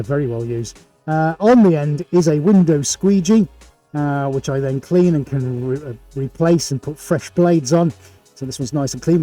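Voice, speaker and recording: A middle-aged man with a mellow voice on the high side hosts a live painting stream. Working from his home art studio with several cameras, he keeps the presentation upbeat, chatty and jokey, like a showman.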